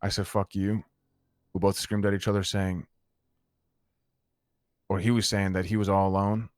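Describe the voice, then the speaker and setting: A man's voice: deep voice, little pitch movement, normal speed, darkish tone, dry recording, studio quality. A man in character in an online roleplay, telling a heated, profane story to a friend. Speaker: roleplay gang member recounting events.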